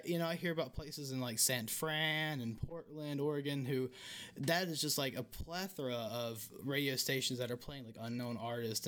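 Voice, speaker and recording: A young man from the American South with a Southern accent, hosting a casual podcast interview and rambling with many restarts and fillers. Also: on the high side. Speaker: podcast host.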